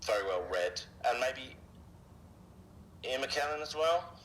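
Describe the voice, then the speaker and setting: A voice actor being interviewed, a man talking casually and haltingly, with frequent fillers and restarts. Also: medium pitch, expressive, fairly bright tone, rough recording. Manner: hesitant, many fillers and restarts.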